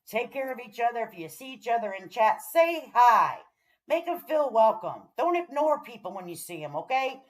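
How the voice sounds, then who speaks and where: A woman hosting a casual livestream, talking to her chat in a folksy way and swearing freely. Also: mid-range voice. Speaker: livestream host.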